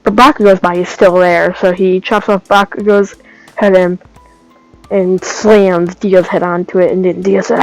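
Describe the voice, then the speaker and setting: A woman's voice: fairly low pitch, level tone, normal speed, soft background music, low-quality recording. A woman telling a made-up fan story in a casual, rambling way that keeps stopping to correct itself. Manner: rambling, trailing off, self-correcting.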